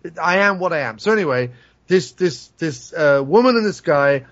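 A high-voiced man holds forth in a casual podcast chat, swearing freely and laughing through his own stories. The sound is dull and lo-fi. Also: expressive, normal speed, a bit bright. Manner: profane, ranting, laughs while telling stories. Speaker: podcast co-host.

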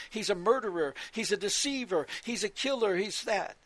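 A man's voice: high voice, lively intonation, normal speed, hardly any pauses, no room sound. A man preaching on scripture, repeating his points with emphasis and citing verses as he goes. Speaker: religious radio teacher.

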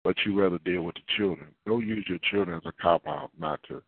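A man preaching a sermon as a pastor, animated and acting out little dialogues, with repeated words. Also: lowish voice, quick pace, gravelly, husky, dry recording. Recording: tinny phone-like line.

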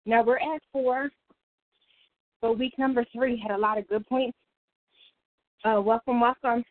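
A woman's voice: a little high, steady tone, a little slow, slight background noise. A woman leading a casual Bible study on a prayer call, chatty and laughing easily. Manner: chatty, laughs often, self-interrupting. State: out of breath. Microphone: phone call. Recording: tinny phone line.

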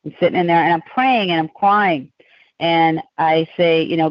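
A woman speaks as a podcast guest and drifts from one tangent to the next in loose, animated storytelling. Her voice sits close and dry on a slightly dull, lo-fi recording. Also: sits low, moderate pace, dry recording. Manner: rambling, animated, digressive storytelling.

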